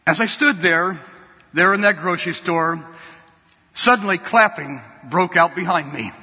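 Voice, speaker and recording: A man's voice: high voice, measured pace, bright, forceful tone, breathy edge. A man preaching a sermon, telling a folksy story and often repeating his words. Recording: long hall reverb.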